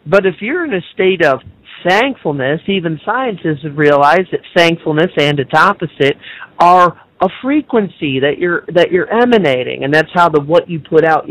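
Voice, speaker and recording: Earnest high-voiced man explaining faith. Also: moderate pace, a bit bright, no echo, poor audio. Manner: earnest, lecturing, mocks others in exaggerated voices. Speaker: radio show guest. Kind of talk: spiritual talk radio discussion.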